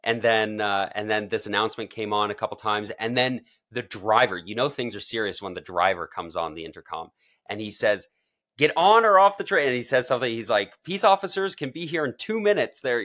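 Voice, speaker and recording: A man's voice: on the low side, bright, forceful tone. A man co-hosting a podcast, chatting casually and animatedly, often breaking into laughter. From Canada. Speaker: podcast co-host. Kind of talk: casual chat.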